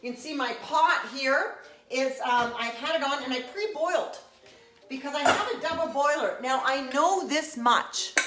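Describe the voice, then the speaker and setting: Woman host, casual live-stream chat, high and bright, playful, echoey kitchen. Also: moderate pace, background noise. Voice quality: playful, chatty, greets viewers by name. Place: home kitchen.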